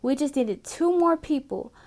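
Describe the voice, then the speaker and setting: A man's voice: very high voice, expressive, measured pace, darkish tone, voice pushed up. A man voicing a frightened young woman nurse who pleads earnestly in a shaky voice. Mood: defensive.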